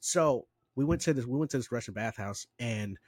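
A man co-hosting a podcast, telling a story in a loose, rambling way, full of restarts and lively impressions. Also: mid-range voice, brisk, slightly rough, no echo. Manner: rambling, self-interrupting, animated impressions. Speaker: podcast co-host. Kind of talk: casual chat, storytelling.

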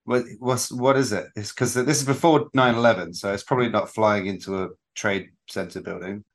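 A man's voice: fairly low pitch, fairly even intonation, fairly quick. A man co-hosting a casual film podcast, rambling and restarting his sentences, often laughing along. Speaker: podcast co-host.

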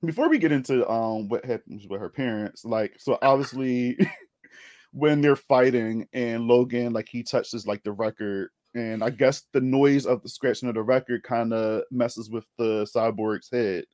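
A man's voice: mid-range voice, unhurried, no echo, clean studio sound. Laughing, rambling young man. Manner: rambling, laughing, lively retelling. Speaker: podcast co-host. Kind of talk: casual film discussion.

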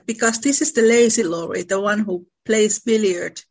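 A woman's voice: medium pitch, normal speed, slightly rough. A woman who reads a classic novel's passages aloud and then discusses them in a casual book chat. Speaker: book club co-host reading aloud.

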